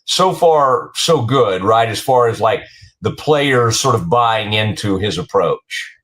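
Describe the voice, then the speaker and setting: A man hosting a sports talk show, asking rambling questions with many halting restarts. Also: on the low side, animated, a bit bright. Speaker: show host.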